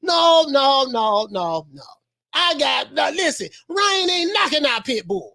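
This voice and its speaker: A woman doing casual livestream boxing commentary, animated, repeating herself and laughing often. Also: high voice, measured pace, gravelly.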